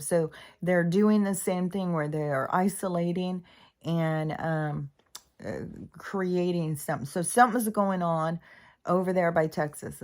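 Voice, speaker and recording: Low-voiced woman rambling casually. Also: darkish tone. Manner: meandering, frequent fillers and swearing. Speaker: spiritual vlogger.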